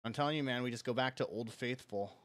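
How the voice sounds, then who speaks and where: A man's voice: medium pitch, fast, a bit bright. A young man streaming live, talking in a loose, rambling way with lots of fillers and frequent laughter. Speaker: livestreamer. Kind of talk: casual chat on a live stream.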